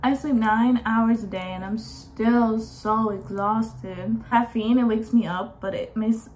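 A woman's voice: on the high side, a little slow, a little mellow, slight background noise, rough recording. A young woman talking casually and candidly to her camera at home as she gets ready, rambling and swearing now and then. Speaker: vlogger. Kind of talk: casual get-ready-with-me vlog chat. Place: at home, getting ready at a vanity.

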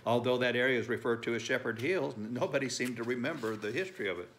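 A man's voice: medium pitch, fast talker, fairly bright tone, a little hiss or hum. An older man in his sixties preaching a sermon, emphatic, repeating phrases and reading scripture aloud. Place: church sanctuary.

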